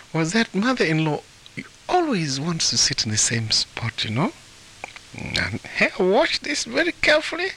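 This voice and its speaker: A man from Africa tells a folktale in an interview, chuckling and often repeating words. His fairly low voice swings widely in pitch, with a bright, forceful edge. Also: a little hiss or hum. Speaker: author and translator of folktales. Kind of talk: storytelling in an interview.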